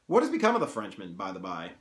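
A man's voice: sits low, huge pitch swings, fast talker. A man reading aloud, voicing a grave, serious male painter who pleads earnestly with his friend, in a room with some echo. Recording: roomy echo.

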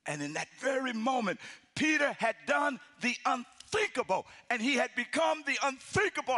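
A middle-aged man preaches with a strikingly high, bright, cutting voice that has a husky, breathy grain. He tells his story like a performance, acting out the people in it and swinging from loud shouts to hushed near-whispers. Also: moderate pace. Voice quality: husky, animated delivery with acted-out voices. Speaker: pastor. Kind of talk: storytelling sermon.

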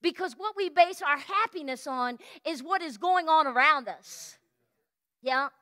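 Female pastor, very high bright voice, lively storytelling sermon with shouts and sung lines. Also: measured pace. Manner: animated storytelling sermon, exclamations, sings snippets. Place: church sanctuary.

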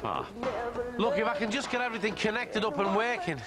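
Workman, high voice, loud, insistent, TV drama scene. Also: sing-song, fairly quick, loud music behind the voice. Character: brisk male workman come to fix the pipes.

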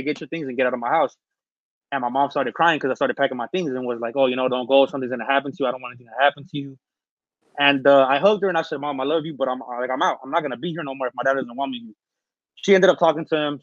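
A man from Northern California telling his story in a casual interview, rambling with fillers and restarts, recovering from being sick and clearing his throat. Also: mid-range voice, no room sound. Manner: rambling, many fillers and restarts, street slang. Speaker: interview guest. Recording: dull, lo-fi dry recording.

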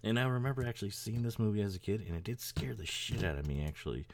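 A man's voice: lowish voice, animated, quick pace, gravelly, a little hiss or hum. A man hosting a podcast in casual, rambling chat, swearing freely and chuckling as he talks. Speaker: podcast host.

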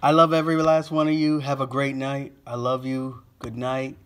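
A man's voice: mid-range voice, little pitch movement, moderate pace, background noise. A man vlogging to camera, out of breath and lightheaded, gushing and sighing between phrases. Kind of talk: casual talk to camera.

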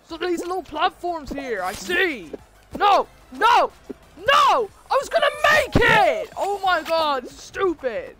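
Brief: a woman as a ranting cartoon sore loser, high and swooping, rather slow. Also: sing-song, soft background music, heavily acted. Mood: frantic. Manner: yelling, quick to rage at losing. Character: hot-tempered cartoon animal, a sore loser. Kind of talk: fan voice role-play over gameplay.

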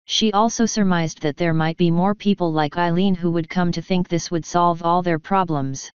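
A woman narrating a fanfiction story in a steady, even way. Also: on the low side, normal speed, clean tone, no room sound, muffled recording. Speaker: fanfiction reader. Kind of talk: audiobook narration.

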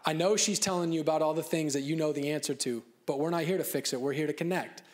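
A man preaching a conversational sermon as pastor, joking and laughing at himself, then dropping softer and earnest on his key points. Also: a little high, fast. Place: church stage.

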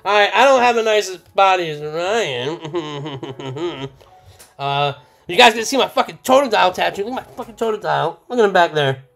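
A young man live-streaming a card opening, loud and swearing, laughing and shouting with excitement. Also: high-pitched, moderate pace, creaky. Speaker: streamer opening trading cards.

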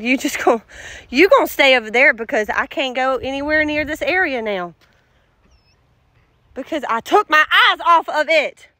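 A woman's voice: high-pitched, pushed and bright, no echo. A woman filming a casual vlog outdoors on her farm, talking to her animals and often exclaiming. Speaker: farm vlogger.

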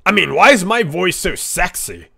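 Goofy raspy young man streaming. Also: high voice, expressive, moderate pace. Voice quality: raspy, grainy. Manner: goofy, loud, swings to shouting. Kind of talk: casual live-stream chat.

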